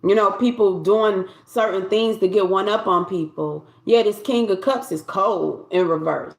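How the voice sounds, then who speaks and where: A woman's voice: medium pitch, normal speed, echoey room. A woman giving a collective tarot reading in a loose, conversational way, often repeating and restarting her phrases. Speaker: tarot reader.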